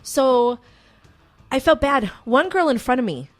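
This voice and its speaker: Animated woman radio co-host telling a story. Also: sits high, unhurried, no echo. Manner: animated storyteller, acts out quotes. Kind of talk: casual radio chat, storytelling.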